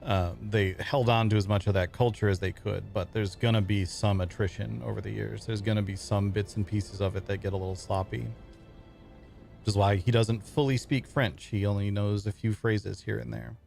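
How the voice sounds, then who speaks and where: Easygoing low-voiced streamer man. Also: steady tone, moderate pace, vocal fry, darkish tone, soft background music. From Michigan, USA. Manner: rambling, easygoing, chuckles often. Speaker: streamer and role-player. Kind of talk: casual chat with viewers.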